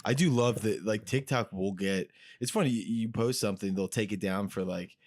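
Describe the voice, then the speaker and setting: A man's voice: on the low side, a little fast, darkish tone, no echo, clean studio sound. A man co-hosting a comedy podcast, teasing the others in casual banter. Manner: teasing, says dude a lot. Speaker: podcast co-host.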